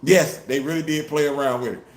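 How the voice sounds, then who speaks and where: A man hosting a casual commentary show, talking in an animated, emphatic way with features. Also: fairly high pitch, fairly quick. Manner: animated, emphatic, rising to loud peaks. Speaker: host. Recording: roomy echo.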